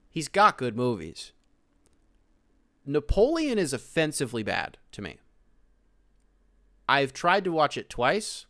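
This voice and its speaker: A man hosting a podcast, ranting casually and profanely about movies, with loud outbursts. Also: mid-range voice, no echo, studio quality. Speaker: podcast host. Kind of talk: casual solo rant.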